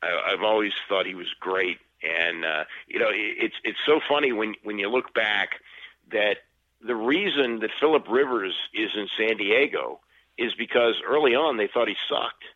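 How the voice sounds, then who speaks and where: A man's voice: fairly low pitch, animated, normal speed. An older man talking sports as a guest, rambling and restarting his sentences often. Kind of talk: casual sports talk. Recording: dull, lo-fi line.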